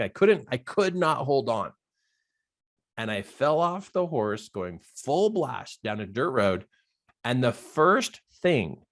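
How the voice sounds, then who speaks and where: A middle-aged man of middle pitch, a life coach telling a story from his own life. He talks with energy and acts out every line of dialogue, his voice jumping up high for the quoted parts and dropping low and quiet for the reflective ones.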